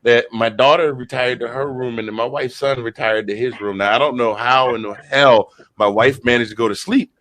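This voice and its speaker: A man in his fifties, a guest short on sleep, telling an excited sports story with many restarts. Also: medium pitch, moderate pace, few pauses. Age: 50s. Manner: animated storyteller, stumbling restarts.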